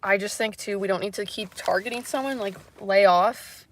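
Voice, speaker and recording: A woman's voice: medium pitch, moderate pace, a little hiss or hum. Hesitant woman rambling on a livestream. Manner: hesitant, rambling, many fillers; soft, unsure, apologetic. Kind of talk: casual livestream chat.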